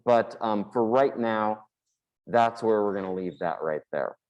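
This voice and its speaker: While drawing on a board, a man teaches a math lesson in a relaxed, explanatory way, dropping the occasional filler. His voice is lowish and a little mellow, his pace measured, and the recording lo-fi.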